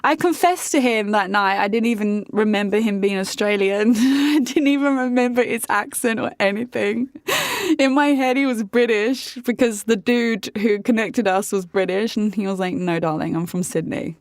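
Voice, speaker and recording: A woman's voice: on the high side, normal speed, no room sound, clean studio sound. Chatty young woman telling a candid story. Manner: candid and chatty, with frequent "like" and swearing. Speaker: vlogger. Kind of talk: casual storytelling to camera.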